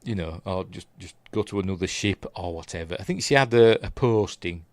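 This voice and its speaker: Rambling Yorkshire man, low voice. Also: fairly quick, dry recording. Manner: rambling, chatty, lots of fillers and trailing asides. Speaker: streamer reviewing TV episodes. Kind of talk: casual live-stream chat.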